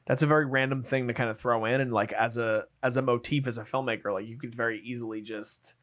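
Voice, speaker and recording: A man co-hosting a film review podcast, talking casually and acting out movie scenes with quick quoted voices. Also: mid-range voice, fairly even intonation, a bit bright. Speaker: podcast co-host.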